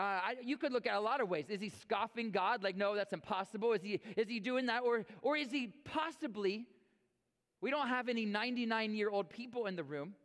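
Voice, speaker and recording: A man preaching a sermon as pastor, reading scripture and then speaking with energetic repeats and stumbles. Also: extremely high pitch, in a large hall. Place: church sanctuary.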